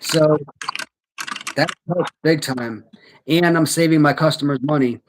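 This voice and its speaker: A man hosting a casual chat, talking things through slowly with many fillers and restarts. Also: a little high, background noise. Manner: thinking aloud, hesitant, many fillers.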